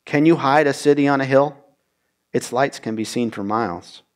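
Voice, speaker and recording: A man teaching a verse-by-verse Bible study, reading scripture aloud and explaining it in a measured, plain way. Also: mid-range voice.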